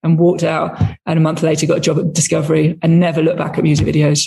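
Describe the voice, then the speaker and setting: Animated woman telling stories to an interviewer. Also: low voice, fast, gravelly, a little hiss or hum. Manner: lively, laughs often, acts out quoted voices. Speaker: music video director, guest. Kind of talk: animated storytelling in conversation.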